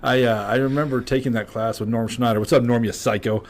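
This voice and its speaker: A man's voice: mid-range voice, fairly even intonation, a little hiss or hum. A man in his forties, a podcast host chatting and joking with slang. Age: 40s. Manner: chatty, joking, quick reactions, uses slang. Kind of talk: casual chat.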